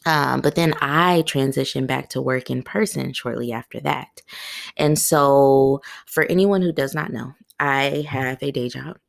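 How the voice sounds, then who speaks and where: A woman's voice: very deep voice, measured pace, gravelly, no echo, clean studio sound. A woman in her thirties hosting her own podcast, chatting candidly and calling her listeners "y'all". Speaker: podcast host. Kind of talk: casual solo podcast talk.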